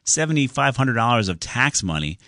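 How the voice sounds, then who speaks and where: Lively, laughing radio host man. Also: fairly quick, dry recording, clean studio sound. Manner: chatty, laughs often, lively pitch swings. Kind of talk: call-in radio talk.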